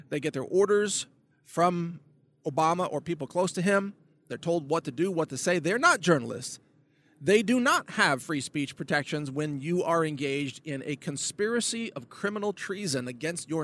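A man speaking alone to camera in a fairly high voice, ranting about politics. He is indignant and sarcastic, pressing his points hard and repeating himself for emphasis. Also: a bit bright. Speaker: political commentator. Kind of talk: monologue video blog.

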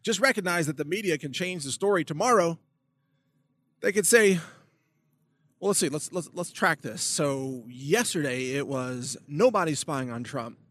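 A man's voice: on the high side, normal speed, a bit bright. A man delivering an indignant, sarcastic political rant as a solo video blog. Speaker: political commentator.

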